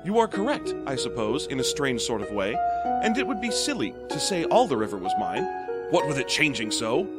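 A man voicing a gruff, territorial giant lobster in a comedy podcast's story reading, loud and declamatory. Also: medium pitch, very animated, brisk, over loud music, close to an everyday voice.

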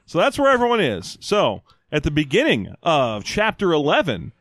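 A man's voice: a little high, huge pitch swings, moderate pace, a bit bright, no echo. Dry-sounding joking man. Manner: jokey, rambling, laughs often. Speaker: podcast co-host. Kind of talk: casual chat recapping a story.

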